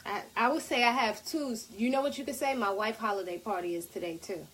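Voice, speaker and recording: A woman co-hosting a podcast in casual banter, teasing and quick with her retorts. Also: on the high side, fairly bright tone, poor audio. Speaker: podcast co-host.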